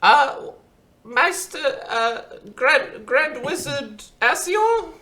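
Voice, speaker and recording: Man voicing a nervous clerk, high and hesitant. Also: big pitch swings, very slow, pushed and bright, full character voice. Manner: hesitant, stammering roll call. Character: fussy nervous male clerk Bushel.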